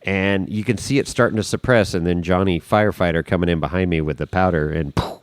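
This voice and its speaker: A man, a podcast guest, telling a story in a casual, animated way, swearing freely and acting out the scene. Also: deep voice, fast talker, no echo.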